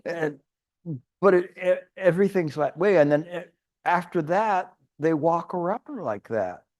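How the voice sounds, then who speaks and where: A man's voice: on the high side, lively intonation, a little slow, a little mellow. A man giving a Chan meditation teacher's retreat dharma talk, rambling and restarting, with playful everyday examples. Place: retreat hall.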